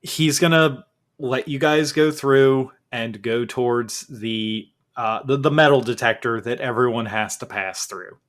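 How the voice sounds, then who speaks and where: A man of middling pitch narrating as game master of a tabletop game. He talks in a relaxed way, laughs easily and lets his sentences wander. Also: unhurried.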